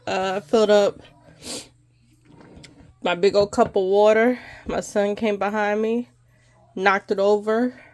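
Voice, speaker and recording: A chatty woman talks casually to her viewers, her voice stuffy and congested from allergies. She rambles loosely and colloquially at an ordinary pitch for a woman. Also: fairly even intonation, a little slow, pauses often, a little mellow. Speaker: budgeting vlogger. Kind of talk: casual chat to camera.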